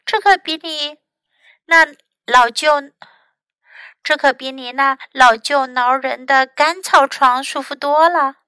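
A bossy, grand little city mouse squeaks out her lines, put on by a woman in a storybook read-aloud. The voice sits very high and bright, with an urgent, showy edge. The recording is dry and close. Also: slow, dry recording, exaggerated voice. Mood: breezy.

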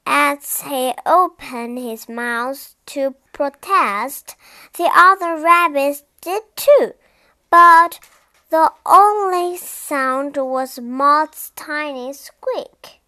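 A woman narrating a children's bedtime storybook, reading aloud in a slow, deliberate, expressive way. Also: high-pitched.

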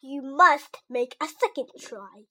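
A woman voicing a calm, patient male frog who encourages his friend, in a children's storybook read-aloud. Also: high voice, slow pace, heavily acted. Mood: encouraging.

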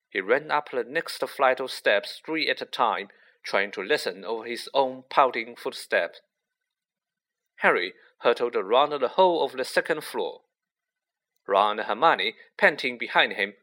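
Slow, bright-voiced male storybook narrator. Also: mid-range voice. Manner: measured, expressive reading. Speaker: audiobook narrator.

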